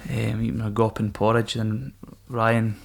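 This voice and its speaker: A man's voice: on the low side, little pitch movement, unhurried, vocal fry. A Scottish man, a podcast guest, telling his story in a frank, casual way and swearing freely. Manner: frank, swears often, laughs things off. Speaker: podcast guest, former Royal Marine.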